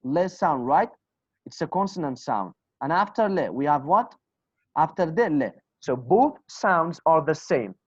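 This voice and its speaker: A man's voice: on the high side, very animated, measured pace, husky, no echo. A man whose first language is Kurdish, teaching English in an online class, drilling words aloud and asking and answering his own questions. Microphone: video call. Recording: dull lo-fi call audio, dry.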